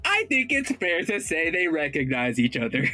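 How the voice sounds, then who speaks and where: A man's voice: a little high, sing-song, moderate pace, bright, forceful tone, soft background music. A man playing in a tabletop game, talking hesitantly with plenty of fillers. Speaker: player. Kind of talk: casual tabletop role-play.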